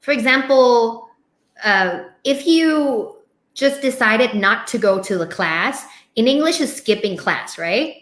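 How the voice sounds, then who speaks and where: A woman's voice: a little high, animated, takes it slowly, a bit bright. Woman chatting in english, echoey room, giggly, stops and restarts. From Thailand. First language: Thai. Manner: laughs often, hesitant restarts. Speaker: host. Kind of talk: casual live chat.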